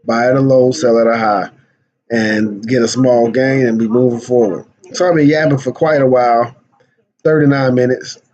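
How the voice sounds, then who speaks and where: A man in a dull, lo-fi vlog recording gives casual commentary on his day trading. His medium-pitched voice is steady and somewhat dark, at a moderate pace. Full of slang and restarted or repeated words, he notes that he's losing his voice.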